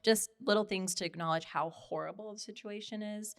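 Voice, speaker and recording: A woman in her thirties, a podcast guest, talking in casual conversation in an emphatic, animated way. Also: medium pitch, fairly quick. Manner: emphatic and animated, frequent "oh yeah" affirmations.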